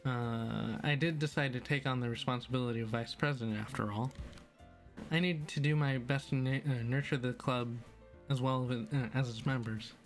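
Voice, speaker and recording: Man reading as a bookish shy teen girl, polite, measured, mid pitch, faint music. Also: fairly even intonation, close to an everyday voice.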